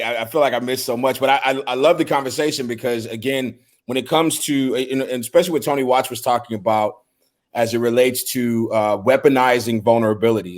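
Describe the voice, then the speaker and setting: A middle-aged man speaking on a podcast in an earnest, heartfelt way. His voice sits at an ordinary pitch, and he often repeats his first words before settling into a thought. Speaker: podcast co-host. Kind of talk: casual discussion.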